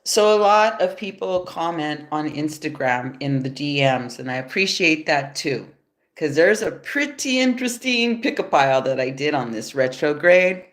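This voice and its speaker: A woman's voice: low voice, big pitch swings, moderate pace. A woman with a stuffy, nasal voice doing a casual tarot reading on a livestream, laid-back and loose, swearing in passing and chuckling often. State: nasal from allergies. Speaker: tarot reader. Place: home after yoga. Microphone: phone.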